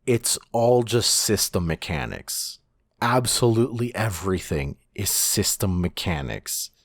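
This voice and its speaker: A low-pitched man drawls through a laid-back podcast chat, piling on restarts and tossing in the occasional curse. His voice sits close and dry, with no room sound at all. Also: a little slow, vocal fry, dry recording. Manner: rambling, swears casually, many restarts. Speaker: podcast co-host.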